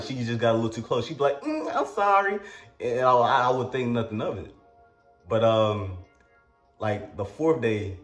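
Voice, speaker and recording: A man telling a comic personal story in a casual, crude, slangy way with halting restarts. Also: mid-range voice, roomy sound.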